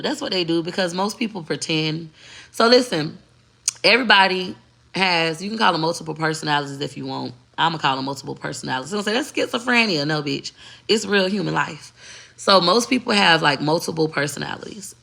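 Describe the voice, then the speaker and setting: A woman's voice: low voice, creaky, fairly bright tone. A middle-aged woman, a content creator talking straight to camera, blunt, profane and emphatic. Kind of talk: candid talking-to-camera rant.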